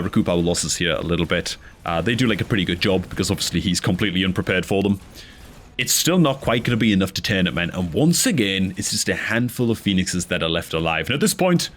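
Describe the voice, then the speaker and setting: A man giving casual, animated commentary over his own strategy game match, chatty and frustrated at his misplays, dropping "dude" and "man" constantly. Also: on the low side. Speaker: gameplay commentator.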